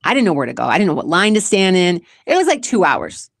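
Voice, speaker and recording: A woman's voice: on the low side, sing-song, quick pace, vocal fry, no echo. A woman hosting her own show, talking casually and earnestly about relationships in a rambling, emotional way, close to tears at times. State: tearful at times. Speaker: podcast host. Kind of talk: casual personal monologue.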